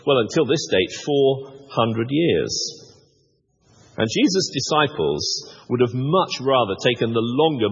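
A man's voice: medium pitch, slightly rough. A man preaching a sermon, with wry, self-deprecating humor and frequent restarts. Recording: muffled sound with long hall reverb.

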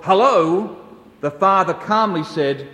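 A man preaches a sermon at an unhurried pace, his fairly high voice telling stories in a measured way. The sound rings with long reverb, as if from a large hall heard at some distance. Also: animated, a bit bright. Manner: slow, measured storytelling. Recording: echoey hall, distant mic.

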